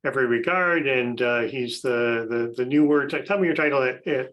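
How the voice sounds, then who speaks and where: A man's voice: medium pitch, moderate pace, fairly bright tone, rough recording. Chatty man hosting a podcast panel. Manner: chatty, with frequent fillers and restarts. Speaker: podcast host. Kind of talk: casual panel introductions.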